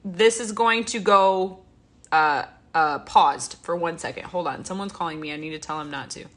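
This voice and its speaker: A woman hosts a livestream, chatting and rambling casually while reading viewer comments aloud and answering them. She sounds a little stuffy-nosed and yawns. Her voice is fairly low and fairly bright, at a normal speed.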